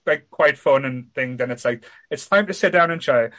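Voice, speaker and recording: A man's voice: mid-range voice, moderate pace, a bit bright. A man hosting a podcast, rambling in a laid-back way with casual swearing. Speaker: podcast host. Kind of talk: casual chat.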